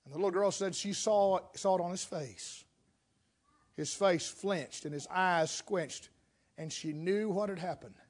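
A high-voiced male preacher giving a sermon. He tells his illustration with drama, building to loud, fast passages and dropping to near-whispers. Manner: dramatic storytelling, swings between loud and hushed.

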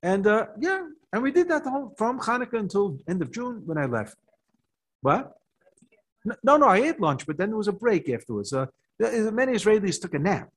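An older American man, a rabbi, giving a Torah talk to a live audience and telling a story with rising excitement. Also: high-pitched, fairly quick. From United States. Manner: animated storytelling, rises in excitement.

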